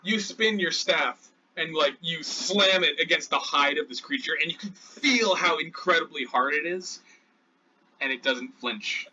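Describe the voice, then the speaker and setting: A man narrating as game master in a tabletop game, slow and animated. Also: a little high, crowd noise. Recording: dull lo-fi audio.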